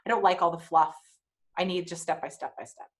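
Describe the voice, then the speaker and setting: Blunt, animated woman podcaster. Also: fairly low pitch, a little fast. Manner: animated, swearing, wry asides. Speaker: podcast host. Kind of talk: frank personal storytelling monologue.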